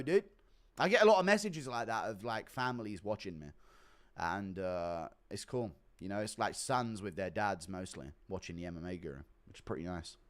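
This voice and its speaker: A young man hosting a live stream with crude, laughing banter. He reads donations out in an offhand, casual way. His pitch sits in a normal middle register. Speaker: streamer host.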